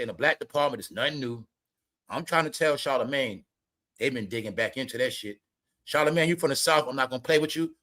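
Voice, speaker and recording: A man doing casual, comedic celebrity gossip commentary, talking loudly, swearing, repeating names and laughing at his own jokes. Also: medium pitch.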